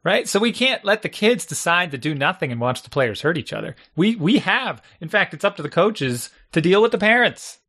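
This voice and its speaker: A man's voice: high-pitched, very animated, brisk, few pauses, pushed and bright. Talkative middle-aged man in casual chat. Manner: talkative, explains with acted-out examples. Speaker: youth soccer coach and parent.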